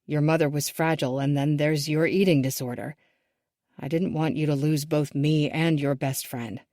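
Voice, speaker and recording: A woman voicing a remorseful father who pleads softly through tears. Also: low voice, steady tone, moderate pace, no room sound, clean studio sound, natural voice. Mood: regretful. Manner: soft, pleading, regretful. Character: remorseful middle-aged father, tearful and pleading.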